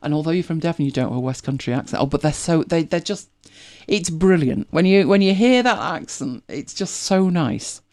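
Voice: medium pitch, expressive, normal speed, hardly any pauses, darkish tone. A host with a British accent, chatting casually and rambling with many restarts. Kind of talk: casual chat.

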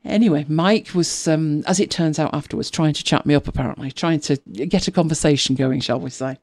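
A woman's voice: low-pitched, brisk, darkish tone. A woman in her fifties hosting a podcast in casual, rambling chat, laughing often and now and then dropping to a whisper. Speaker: podcast co-host.

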